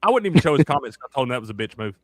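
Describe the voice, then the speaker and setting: A man's voice: medium pitch, big pitch swings, racing, no echo, studio quality. A man hosting a casual sports betting chat, rowdy and profane, teasing his co-hosts. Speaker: sports show host.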